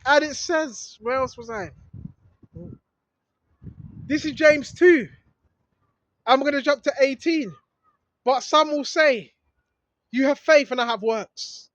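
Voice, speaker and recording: A man's voice: extremely high pitch, takes it slowly, pauses often. A man preaching informally, reading scripture and repeating his points with rising emphasis. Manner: emphatic, repetitive, rising to shouts. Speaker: street preacher. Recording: dull lo-fi recording with faint noise.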